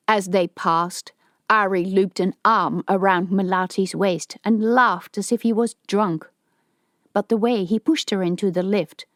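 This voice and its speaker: A woman narrating a science fiction audiobook in a steady, even storytelling voice. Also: fairly low pitch, no echo, studio quality.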